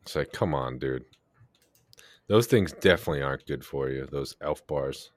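A man's voice: a bass voice, moderate pace, no room sound. A young man in casual podcast chat, bantering and mocking his friends, saying "dude" constantly. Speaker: podcast co-host.

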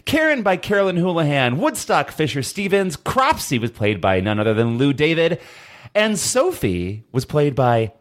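A man's voice: fairly high pitch, huge pitch swings, normal speed. A man co-hosting a casual horror podcast, reading out film details with joking asides. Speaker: podcast co-host. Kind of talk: casual chat.

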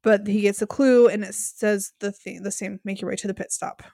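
A woman co-hosting a podcast, recapping an episode in casual chat, exasperated and quick to quote the people on screen. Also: medium pitch, fairly even intonation, creaky, dark tone, no room sound, studio quality. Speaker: podcast co-host.

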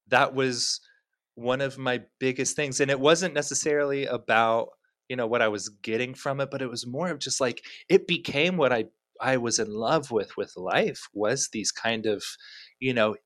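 A man's voice: medium pitch, a bit bright, no echo. Rambling young man telling stories, dry sound. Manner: rambling storyteller, many fillers. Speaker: podcast guest. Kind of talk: casual interview chat.

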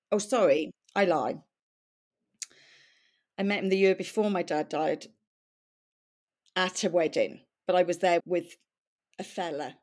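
A middle-aged woman from Wales, a podcast guest telling her life story in a chatty, candid way and laughing often. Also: on the low side. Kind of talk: conversational storytelling.

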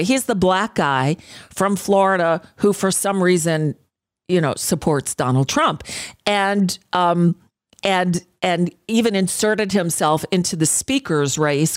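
A woman's voice: lowish voice, no echo, studio quality. Blunt, sarcastic woman radio host. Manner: blunt, profane, sarcastic ranting with many fillers. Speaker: radio talk show host. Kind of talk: political commentary monologue.

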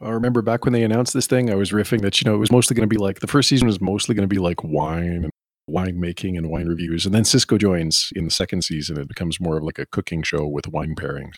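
A man co-hosting a casual podcast chat, rambling and riffing with animated asides. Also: deep voice, fast, breathy edge, no room sound, clean studio sound.

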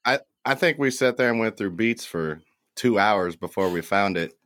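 A man guesting on a casual podcast, talking in an animated way and laughing loudly. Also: fairly low pitch, moderate pace, no echo, clean studio sound. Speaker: podcast guest, intro vocalist.

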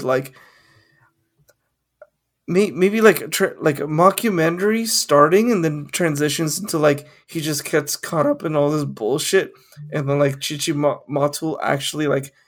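A man's voice: on the high side, normal speed. A young man co-hosting a podcast, rambling and swearing casually as he riffs on ideas and laughs at his own jokes. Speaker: podcast co-host. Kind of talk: casual chat.

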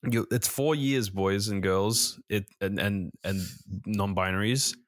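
A man's voice: lowish voice, a little slow, no room sound. Joking podcast co-host man, dry close mic. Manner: joking, loose, swears casually. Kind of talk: casual chat.

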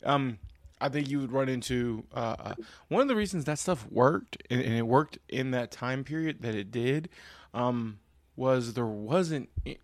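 Male podcast co-host, mid-pitched, jokey riffing talker, dry close mic. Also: no room sound. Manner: joking, with filler-heavy restarts. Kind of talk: casual chat.

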